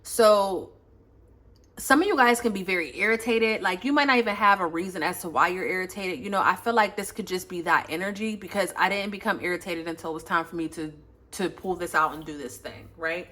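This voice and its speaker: A woman's voice: fairly low pitch, brisk, sharp tone. Chatty, profane woman tarot reader. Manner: chatty, blunt and profane, with loose slangy talk. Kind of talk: casual tarot reading chat. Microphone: phone, face off camera.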